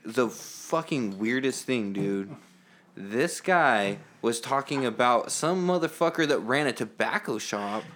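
A man's voice: medium pitch, lively intonation, measured pace, a bit bright. A man hosting a podcast, laid-back and chuckling, stumbling over his words in casual chat. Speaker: podcast host.

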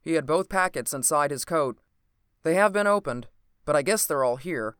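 A reader voicing a male Secret Service agent who speaks sharply and briskly, recorded dry and close. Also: medium pitch, lively intonation, clear, resonant tone, no echo, natural voice. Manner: sharp, terse.

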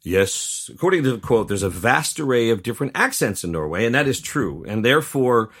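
A man's voice: mid-range voice, sing-song, fairly quick, a bit bright, breathy edge. A middle-aged man from Tennessee, co-hosting a news podcast with joking asides. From Tennessee, USA. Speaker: podcast co-host.

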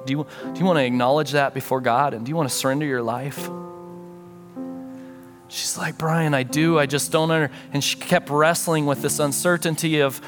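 Earnest man preaching over faint music. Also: fairly high pitch. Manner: earnest storytelling, acting out prayers and dialogue. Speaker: pastor. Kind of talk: sermon.

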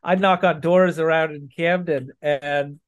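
A man's voice: fairly high pitch, fairly even intonation, a little slow, lo-fi sound. A man from Maine in casual conversation, chatty, laughing often and restarting his sentences. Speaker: podcast guest. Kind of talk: casual chat.

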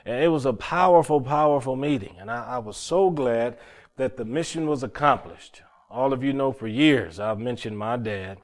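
A man preaching a sermon, telling a personal story in an earnest, halting way with repeated words. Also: mid-range voice. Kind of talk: sermon testimony.

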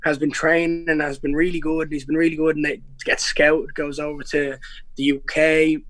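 A man's voice: fairly high pitch, level tone, moderate pace, a bit bright, no room sound. A young Irish man in a casual podcast interview, telling stories in a rambling way with many restarts and slang. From Ireland. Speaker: guest, pro MMA fighter.

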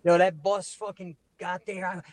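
A man with a fairly high voice tells a comic story as a guest on a talk show. He is animated and profane, swearing in nearly every line. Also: moderate pace.

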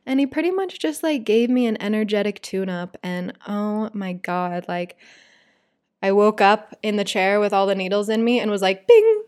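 A woman's voice: medium pitch, moderate pace. A woman hosts her own podcast alone. She talks in a loose, confiding way, full of fillers as she speaks straight to her listeners. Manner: chatty, confiding, many "like" and "you guys" fillers. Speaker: podcast host. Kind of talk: casual solo podcast chat.

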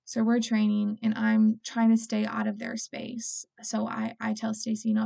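Woman rambling to her viewers, super gravelly fry, flat-ish kinda mellow voice, lots of "like". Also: a little high, normal speed, few pauses. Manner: rambling, heavy use of "like" and "you know", earnest. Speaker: vlogger with a clothing brand. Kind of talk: casual rambling talk to camera.

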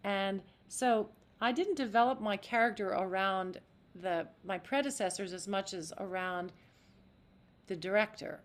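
An actress talking as a podcast guest in an animated, demonstrative way. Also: female voice, mid-range voice, measured pace. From United States. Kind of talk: interview.

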